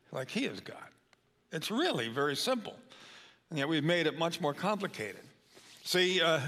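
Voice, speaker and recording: A man's voice: a little high, fairly bright tone. An older man giving a sermon as a guest preacher, talking in a loose, conversational way with many fillers. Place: church sanctuary. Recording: long hall reverb.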